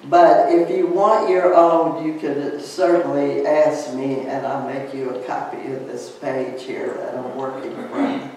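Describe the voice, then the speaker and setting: A man leading a slow guided Lent meditation in a calm voice, repeating phrases and leaving long pauses. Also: mid-range voice. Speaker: church leader guiding a Lent meditation. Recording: roomy, from a distance, with faint noise.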